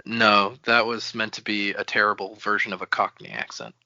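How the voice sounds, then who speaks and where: Bright-voiced man laughing through book talk. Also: fairly low pitch, level tone, dry recording, lo-fi sound. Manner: quick to laugh, quotes characters. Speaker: podcast co-host. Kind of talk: casual book discussion.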